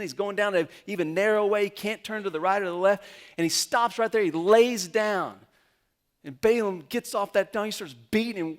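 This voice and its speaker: A male pastor preaching a sermon in a storytelling way, slipping into the characters' lines as he retells the story. His voice sits a little higher than most men's. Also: a little fast. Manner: storytelling sermon with lively acted-out quotes.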